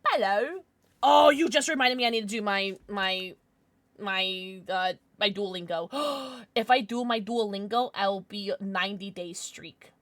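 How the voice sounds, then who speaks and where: A tired woman livestreams a game and chats casually with her viewers, rambling, reading out names and laughing often. Her medium-pitched voice is a bit bright and a little slow, and the recording is dry.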